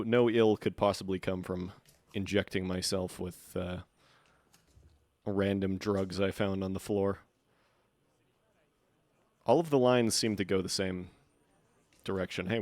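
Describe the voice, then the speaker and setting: A man's voice: deep voice, unhurried, pauses often, darkish tone, dry recording. A man streaming a game, giving casual commentary in a sarcastic, joking way.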